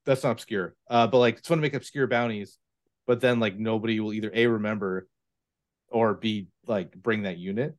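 A man's voice: fairly low pitch, moderate pace. A man hosting a tabletop gaming podcast, telling stories casually and with lots of fillers and restarts. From US East Coast. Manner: rambling, animated storytelling with many fillers. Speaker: podcast host. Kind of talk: casual chat.

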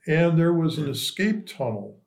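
An older man telling local history stories in a casual, animated way, voicing the people in his anecdotes. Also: a little high, a little slow. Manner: animated anecdotes, quoting voices. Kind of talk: casual storytelling.

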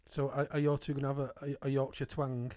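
A man hosting a rugby podcast, trading quick jokes with his guest in a casual chat. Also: medium pitch, flat delivery, a little mellow, no echo, studio quality. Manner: quick, joking banter with the guest. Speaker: podcast host. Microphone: studio microphone.

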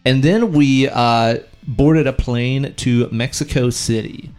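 A man's voice: mid-range voice, takes it slowly, a little mellow. A man hosting a casual podcast, laid-back and folksy, swearing freely. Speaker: podcast host. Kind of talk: casual chat.

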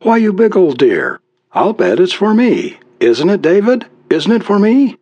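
Man doing a doting older wife, warm sighing voice, pleading and apologetic, husky, dry sound. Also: high-pitched, huge pitch swings, unhurried, no echo, dull audio, voice pushed up, exaggerated voice.

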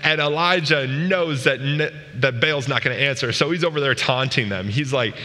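A man's voice: medium pitch, moderate pace, pushed and bright, long reverb tail. A man giving a casual, joking sermon to a youth group. He often asks the room questions. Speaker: youth pastor. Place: large room with a live audience.

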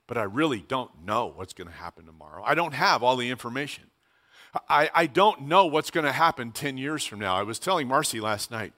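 A middle-aged pastor with a mid-range, sharp-toned voice preaches conversationally. He asks rhetorical questions and keeps repeating key phrases.

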